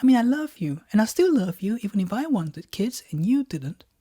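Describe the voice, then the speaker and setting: A man with a New Zealand accent voicing an exasperated young woman, his character's loving girlfriend, in a shrill, emphatic voice. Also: big pitch swings, normal speed, warm tone, slightly rough, no echo, studio quality, heavily acted. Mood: hurt.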